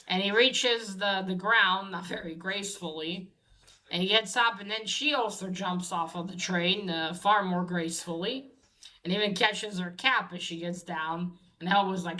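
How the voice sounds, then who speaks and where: A woman's voice: medium pitch, a little slow, pushed and bright. A woman giving a casual, rambling recap of a comic, with many fillers and restarts and the odd swear. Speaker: comic reviewer.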